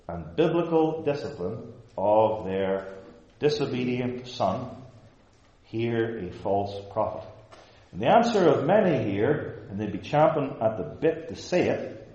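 A man preaching a sermon, emphatic and rising to loud, forceful outbursts. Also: mid-range voice, animated, slow. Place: church. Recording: dull, very echoey church hall.

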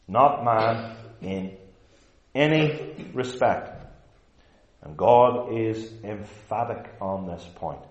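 A man preaching a sermon as pastor, slow and emphatic, building to loud declarations. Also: fairly low pitch, big pitch swings, reverberant, muffled recording.

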